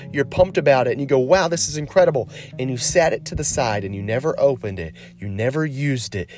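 A man preaching a sermon as a pastor, earnest and encouraging, slowing down to stress key phrases. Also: medium pitch, darkish tone.

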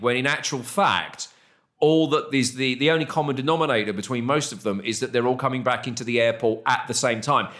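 A man's voice: medium pitch, a bit bright. A man hosting a podcast in casual chat, telling stories in a wry, rambling way. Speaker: podcast host.

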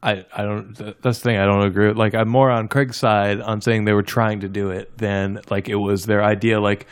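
Man, low-pitched, hesitant panelist, lots of "like" and restarts. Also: little pitch movement, fairly quick, hardly any pauses, smooth. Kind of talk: casual group discussion.

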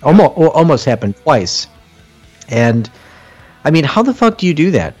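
A young man co-hosting a casual podcast, joking and cursing in lively banter. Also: fairly high pitch, normal speed, soft background music. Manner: animated, profane, joking banter. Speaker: podcast co-host.

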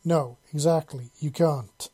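A reader voicing a fierce, foul-mouthed woman soldier who growls and barks commands like a drill sergeant, in a husky, mellow voice. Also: mid-range voice, slow.

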